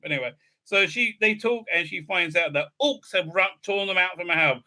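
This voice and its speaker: This man's high-pitched voice sounds pushed and bright at a normal speed as he sarcastically rants through a show recap. He's an online video reviewer, and his casual review is profane, rambling and full of fillers.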